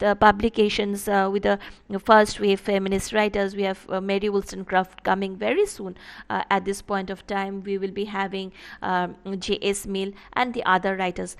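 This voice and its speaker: A woman, giving an online literature lecture and explaining step by step, with many fillers and restarts. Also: mid-range voice.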